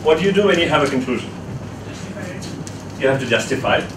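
A man's voice: medium pitch, expressive, fast talker, background noise. Male teacher quizzing a classroom. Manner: questioning, coaxing students. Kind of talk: classroom lecture. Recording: echoey classroom from far off.

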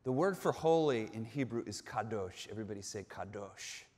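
A man pastor preaching a sermon as a vivid storyteller, moving between hushed tones and shouting, in a large church sanctuary. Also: fairly low pitch, animated, normal speed. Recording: long reverb in a large sanctuary.

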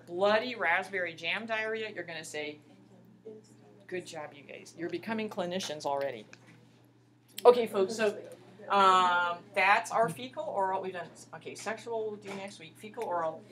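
Casting: middle-aged woman, lab instructor, a little low-pitched, chatty and impassioned, faint noise behind. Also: a bit bright. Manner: chatty, impassioned, repeatedly says "you guys". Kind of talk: classroom lecture. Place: classroom lab.

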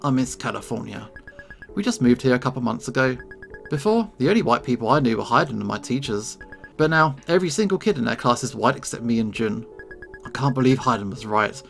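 A sullen, hot-headed teenage girl from a story game, blunt and sulky in every remark, voiced by a man in his own range. Her voice rises and drops with a lively lilt. Faint game music runs behind. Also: medium pitch, a little fast, vocal fry.

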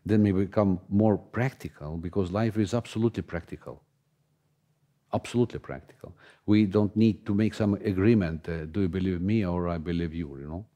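A man speaking halting with many restarts in a conversational panel discussion, as a spiritual teacher. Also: sits low, mellow, dull audio. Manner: halting non-native English with many restarts.

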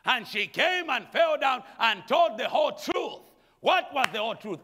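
A man preaching a sermon as pastor, animated, calling out to the congregation and chuckling between points. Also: very high voice, moderate pace, long reverb tail. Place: church sanctuary.

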